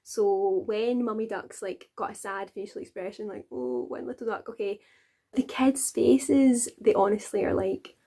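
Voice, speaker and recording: A woman's voice: medium pitch, fairly even intonation, a little slow, mellow. A woman with a Glasgow accent, a nursery teacher chatting encouragingly as she explains a children's rhyme to adults. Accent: Glaswegian. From Scotland. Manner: chatty and encouraging, with frequent laughs. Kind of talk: friendly tutorial for adults.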